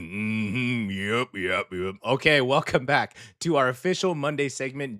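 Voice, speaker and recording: A male radio host talking casually, chatty and relaxed, often tagging his sentences with "okay?". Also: mid-range voice, moderate pace, hardly any pauses, no echo. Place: radio studio.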